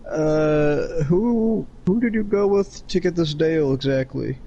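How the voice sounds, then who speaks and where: A man's voice: fairly high pitch, slow, mellow, lo-fi sound. A man playing a folksy older mentor who calls the host son and scolds him over the phone. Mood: scolding. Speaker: friend on phone call.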